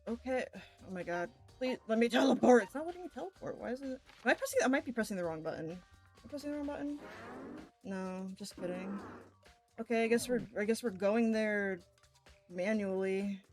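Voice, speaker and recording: A woman's voice: a little high, animated, fairly quick, darkish tone, faint music behind. A woman from the United States streaming a game, joking, swearing and muttering to herself as she plays. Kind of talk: casual game stream chat.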